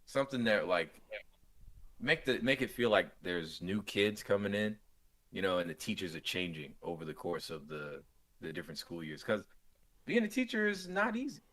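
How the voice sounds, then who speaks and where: The young man co-hosting this podcast dramatizes his anecdotes, slipping into quoted voices to act out each scene during the casual chat. He speaks at a moderate pace in a low-pitched voice.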